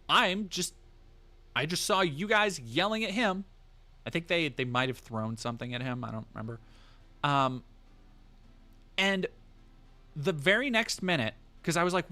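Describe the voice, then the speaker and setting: A man's voice: a little high, big pitch swings, normal speed, long pauses, sharp tone. A man streaming live, telling a rambling, profane story in casual chat with many fillers and restarts.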